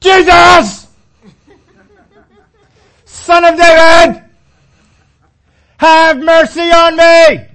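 A preacher acting out a desperate blind beggar who shouts as loud as he can for mercy. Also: very high voice, flat delivery, very slow, pauses often, background noise, pitched above the performer's own voice, full character voice. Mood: pleading shout. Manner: shouting at the top of his lungs.

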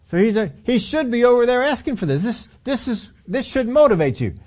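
A man's voice: extremely high pitch, sing-song, a little fast, a little mellow. A man preaching a sermon in a conversational way, acting out lines of scripture dialogue as he tells the story.

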